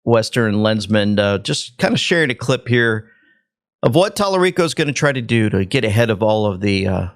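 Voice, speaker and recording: A man's voice: lowish voice, very animated, normal speed. Sarcastic male political commentary host. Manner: sarcastic, mocking. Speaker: show host. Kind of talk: political commentary over clips.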